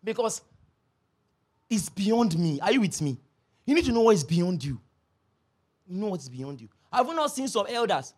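A man preaching a sermon, telling stories with lively repetition. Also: sits high, moderate pace, long pauses, slightly rough. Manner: animated storytelling, repeats phrases, laughs often. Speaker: pastor.

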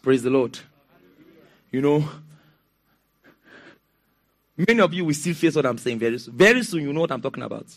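Nigerian pastor man preaching, high voice, lots of stories and laughs. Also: normal speed, pauses often. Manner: animated, storytelling with laughs and call-and-response. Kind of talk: sermon.

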